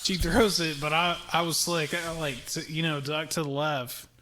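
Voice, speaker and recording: A man's voice: a little high, moderate pace, slight background noise. A young man co-hosting a podcast, telling a story in casual chat, swearing freely and acting out the people in it. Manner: animated storyteller, acts out quoted people, swears freely, laughs often. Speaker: podcast co-host.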